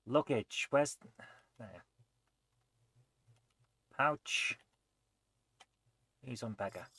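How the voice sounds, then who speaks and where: A man's voice: mid-range voice, lively intonation, drawn-out words, husky, no echo. Man muttering through gameplay commentary. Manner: thinking aloud, muttering, trailing off quietly. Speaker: let's play host.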